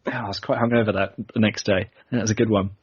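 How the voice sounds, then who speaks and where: A British man chats easily as a podcast host, his voice husky and slightly breathy. The sound is dry and a little dull, like a modest lo-fi setup. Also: lowish voice, fairly even intonation, very fast, no room sound. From Britain. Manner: chatty, laughing easily, self-deprecating. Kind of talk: casual chat.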